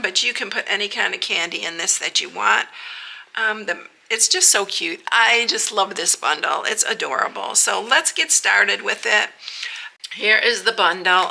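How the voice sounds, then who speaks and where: A middle-aged woman chats through a craft vlog in a bright, forceful voice with a gravelly rasp. She is talkative and openly emotional, calling her viewers y'all. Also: mid-range voice. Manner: chatty, emotional, says y'all often. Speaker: paper craft channel host. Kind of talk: casual craft vlog chat.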